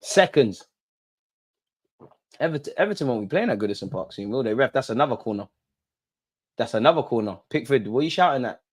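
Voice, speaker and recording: Excitable man doing match commentary. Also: fairly quick, pauses often. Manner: excitable, shouting at the referee, swinging between loud outbursts and low muttering. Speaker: fan channel host. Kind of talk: live match watch-along commentary.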